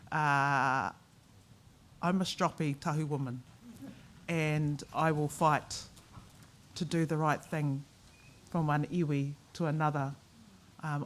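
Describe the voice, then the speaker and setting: A woman with a New Zealand accent representing a museum board, giving a formal ceremonial speech. Her delivery is measured and she mixes oratory with wry, joking asides. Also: low-pitched, slight background noise.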